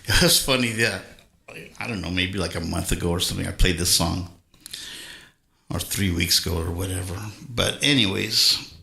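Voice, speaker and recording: A man with a lowish, creaky voice and a sharp tone hosts a live music stream. Between songs he chats with viewers in an easygoing, rambling way, interrupting himself. The recording is roomy, with acoustic guitar in the background.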